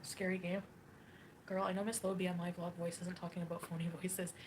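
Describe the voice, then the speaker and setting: A woman's voice: on the low side, level tone, a little fast, a little hiss or hum. A woman livestreaming, reading chat and ranting in a catty, mocking way with frequent laughs.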